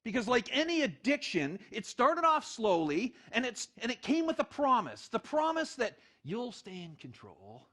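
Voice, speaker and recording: A middle-aged male pastor preaching a sermon, telling the story in an animated way and acting out the quotes. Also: very high voice, normal speed, hardly any pauses.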